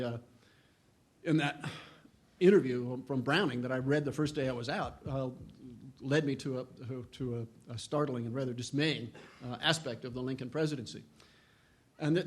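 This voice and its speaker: A middle-aged man giving a history lecture, earnest, with frequent restarts and a lift in voice when reading quotations. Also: medium pitch. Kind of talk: public lecture.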